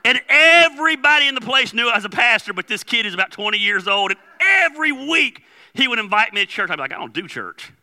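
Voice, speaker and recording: A man's voice: extremely high pitch, lively intonation, quick pace, bright, forceful tone. A male pastor preaching in a loose, conversational way, telling stories and acting out the dialogue. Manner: conversational storytelling with laughs and quoted dialogue. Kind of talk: sermon.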